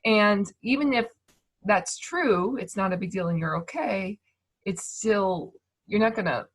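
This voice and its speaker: A woman in her thirties, giving a gentle, reassuring talk over a video call and thinking aloud as she goes. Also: medium pitch, unhurried. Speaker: speaker on emotions and manifestation.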